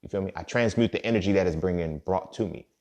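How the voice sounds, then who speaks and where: A man's voice: low voice, quick pace, a little mellow. A young man talking casually on his podcast in a streetwise, profane way, often asking "you feel me". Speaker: podcast host. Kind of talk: casual monologue.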